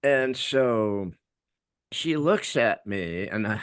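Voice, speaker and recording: Male podcast co-host, lively swinging pitch, raw emotional storyteller who swears, dry close sound. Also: very slow, smooth, no room sound. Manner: raw, swearing, quotes himself shouting.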